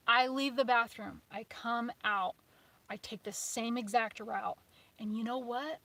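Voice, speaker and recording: A woman in her forties chatting casually on a live stream from her car at a campsite, telling a story with sudden whispers and excited exclamations. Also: fairly high pitch, a little slow. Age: 40s. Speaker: vlogger.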